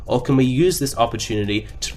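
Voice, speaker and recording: A man in a clip played from another video, speaking in a measured, earnest monologue. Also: mid-range voice, animated, darkish tone, soft background music. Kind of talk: calm reflective monologue.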